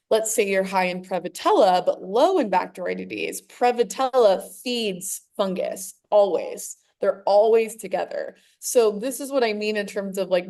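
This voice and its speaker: A woman's voice: mid-range voice, a little mellow. An American woman, a clinician, explaining her approach in an interview over a video call, with eager, detailed asides. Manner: enthusiastic, explanatory, nerdy asides. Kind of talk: conversational expert explanation.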